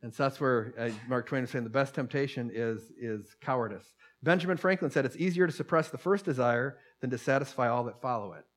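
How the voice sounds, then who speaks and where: A man preaching a sermon in a loose, chatty way, often restarting phrases and slowing down to read stories and scripture aloud. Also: medium pitch.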